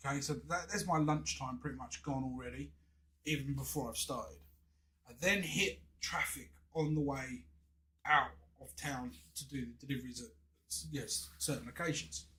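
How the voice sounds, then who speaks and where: A man's voice: medium pitch, a bit bright, a little hiss or hum, poor audio. An English man in his thirties, a game streamer telling a story in a chatty, indignant way with many restarts. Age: 30s. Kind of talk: casual storytelling while gaming.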